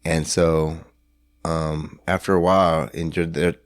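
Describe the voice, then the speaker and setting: A middle-aged man from San Antonio with a deep, low voice tells a story in loose, casual talk. He rambles, trips over restarts and jumps into other people's voices. The sound is dry and close. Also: flat delivery, unhurried, smooth, dry recording. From San Antonio, Texas. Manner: rambling, lots of fillers and restarts, acts out dialogue. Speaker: podcast guest. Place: hotel room.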